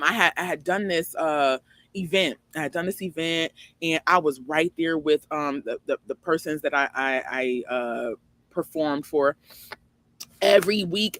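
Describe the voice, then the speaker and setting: A woman in her forties hosting her own online show, giving an emphatic, preachy motivational faith talk full of rhetorical questions. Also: no echo. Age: 40s. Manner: jumps high and loud for emphasis.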